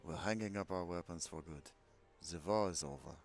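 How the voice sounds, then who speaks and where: A man's voice: sits low, normal speed, soft background music. A man voicing a solemn, defeated emperor from a video game with a put-on, bad Russian accent. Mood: grave. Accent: fake Russian.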